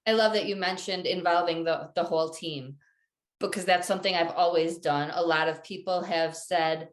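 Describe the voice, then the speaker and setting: A woman podcast host responds thoughtfully to her guest and adds her own reflections. Her voice sits somewhat low for a woman. The sound carries a noticeable room echo. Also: steady tone, moderate pace. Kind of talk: podcast interview. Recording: roomy echo.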